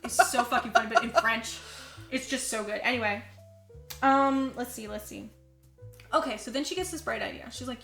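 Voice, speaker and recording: Bright-voiced woman recapping a movie. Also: on the high side, moderate pace, reverberant, soft background music. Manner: animated storyteller, acts out quotes, says "like" a lot. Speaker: podcast co-host. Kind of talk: casual chat recapping a movie.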